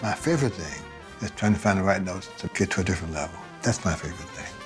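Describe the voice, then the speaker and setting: A man, a bass player, speaking in a measured, reflective way in a documentary interview. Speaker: interviewee, bassist. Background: loud music.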